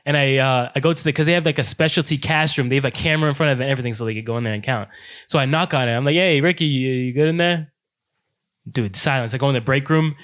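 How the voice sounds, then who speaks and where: A young man on a podcast, telling a workplace story to his friends in a casual, animated way, with "dude" in nearly every line. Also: mid-range voice, quick pace. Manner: animated, says "dude" constantly, quotes himself and others. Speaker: podcast co-host.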